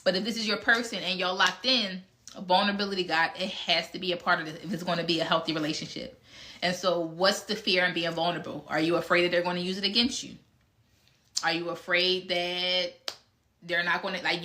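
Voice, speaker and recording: Woman host, frank and direct, bright forceful tone, live casual Q&A. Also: lowish voice, fairly even intonation, fairly quick. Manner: frank and blunt, with mild cursing. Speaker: speaker answering audience questions.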